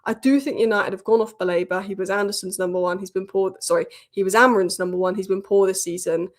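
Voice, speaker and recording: Fast-talking opinionated woman host. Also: medium pitch, steady tone. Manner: opinionated, chatty, quick asides. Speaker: football channel host. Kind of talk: casual football news commentary.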